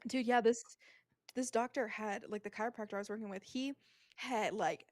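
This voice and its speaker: A woman's voice: fairly high pitch, moderate pace, darkish tone, no echo, studio quality. A young woman co-hosting a podcast in casual chat, sarcastic and full of slang, often laughing. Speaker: podcast co-host.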